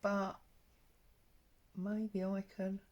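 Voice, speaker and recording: A woman's voice: mid-range voice, monotone, drawn-out words, a little mellow, highs cut off. A woman talking casually and rambling as she works on an embroidery project, with plenty of ums. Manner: rambling and chatty, with frequent ums. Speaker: craft vlogger. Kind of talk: casual stitch-along chat.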